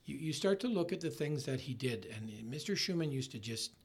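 A middle-aged man in a casual interview, talking in halting bursts with many restarts and trailing off softly. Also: mid-range voice, expressive, breathy edge. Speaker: ski resort marketing executive, guest.

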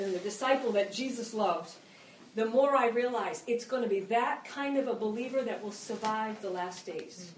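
A middle-aged woman delivers an impassioned, conversational sermon, slipping into the voices of people praying. Her voice sits a little high for a woman. She is picked up from some distance in a reverberant hall with faint ambient noise. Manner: impassioned, conversational, acts out quoted prayers. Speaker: preacher. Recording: echoey room, mic at a distance.

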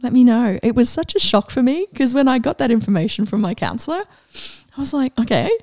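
A middle-aged woman coach giving a casual, enthusiastic inspirational talk, animated and laughing often. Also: fairly high pitch, quick pace, no room sound, studio quality.

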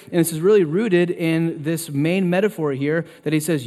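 A man in his thirties preaching a sermon as pastor, turning loud and emphatic when he quotes scripture. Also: fairly even intonation, normal speed, few pauses. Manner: emphatic, loud and high when quoting God. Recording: long reverb of a large hall.

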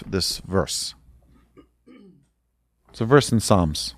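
A man's voice: mid-range voice, lively intonation, a little slow, pauses often, no room sound, clean studio sound. A man giving an urgent sermon as a religious teacher, emphatic and repeating his points.

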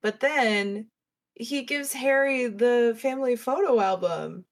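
A woman's voice: on the high side, slow. A young woman co-hosting a casual book podcast, earnest and emotional, with some casual swearing. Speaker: podcast co-host.

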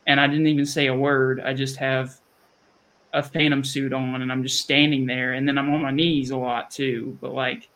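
A man's voice: mid-range voice, flat delivery, moderate pace, fairly bright tone. Chatty Southern man hosting a podcast. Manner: rambling, chatty, restarts sentences. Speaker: podcast host. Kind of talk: casual chat.

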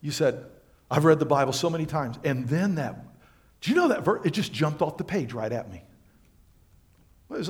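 A male pastor preaching a sermon to his congregation, swinging between loud emphatic lines and quiet, low asides. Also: gravelly. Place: church sanctuary.

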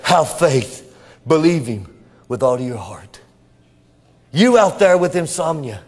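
A man preaching a revival sermon, swinging between shouting and hushed whispers. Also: on the high side, sing-song, slow, in a large hall. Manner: addresses congregation members as brother. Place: church.

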